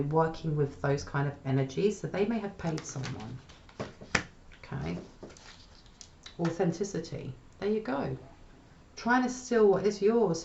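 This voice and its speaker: A woman's voice: fairly low pitch, gravelly, darkish tone, echoey room, muffled recording. A woman giving a casual spoken tarot reading, chatty and often checking in with "okay?". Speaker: tarot reader.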